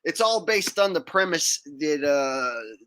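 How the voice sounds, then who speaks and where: A man's voice: a little high, sing-song, takes it slowly, a bit bright, clear, resonant tone. A man hosting a livestream, talking casually in a sarcastic, mocking tone and now and then mimicking people in silly voices. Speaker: livestream host.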